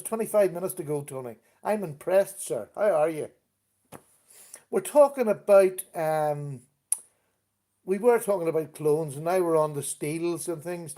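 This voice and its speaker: A man's voice: fairly high pitch, mellow. Chatty man hosting a live stream. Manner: chatty, greets viewers by name, easygoing. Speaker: livestream host. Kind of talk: casual live chat with viewers.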